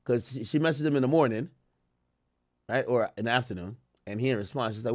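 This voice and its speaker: A young man doing a livestream reaction, loud and profane, laughing and mocking as he reads texts aloud. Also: medium pitch, fast, no room sound, clean studio sound. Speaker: streamer reacting to trial texts.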